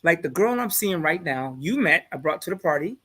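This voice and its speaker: A man's voice: fairly high pitch, lively intonation, brisk, bright, forceful tone, breathy edge. Laid-back man bragging and joking. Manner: laid-back, boastful, laughs at his own jokes. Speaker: guest on a live discussion show. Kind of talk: casual chat, storytelling.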